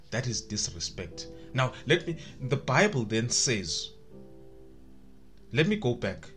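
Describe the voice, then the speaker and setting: Emphatic preacher, lively pitch. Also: male voice. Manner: emphatic preaching with repeated words and rising calls. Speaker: pastor. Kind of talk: sermon.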